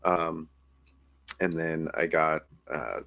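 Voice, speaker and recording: A man playing a tabletop role-play game, speaking haltingly with many restarts and fillers. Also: very deep voice, creaky, fairly bright tone, dry recording. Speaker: player.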